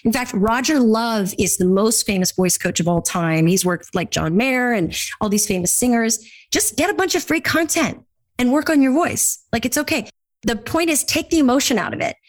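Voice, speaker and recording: A woman's voice: on the high side, expressive, normal speed. A woman from California, a podcaster and speaking coach answering audience questions in an upbeat, blunt, jokey way. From Orange County, California. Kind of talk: lively live Q&A chat.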